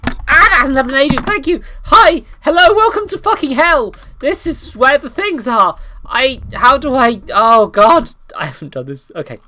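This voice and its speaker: Excitable, rambling woman streamer. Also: high voice, moderate pace. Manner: rambling, excitable, swears a lot. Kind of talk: casual gameplay commentary.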